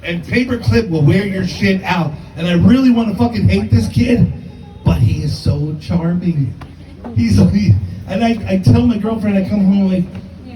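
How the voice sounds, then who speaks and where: A man's voice: sits high, normal speed, dark tone, echoey room, recorded from a distance, low-quality recording. A man in his fifties doing a brash, profane, self-mocking stand-up comedy set in a comedy club. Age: 50s.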